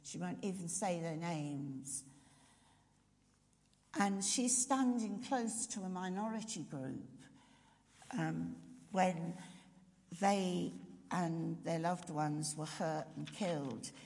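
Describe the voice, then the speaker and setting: Female preacher with a gravelly edge, reflective sermon delivery in a reverberant church. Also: lowish voice, slow pace, long pauses, darkish tone. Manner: reflective, asks the audience questions. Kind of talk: sermon to a congregation. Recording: long reverb of a large hall.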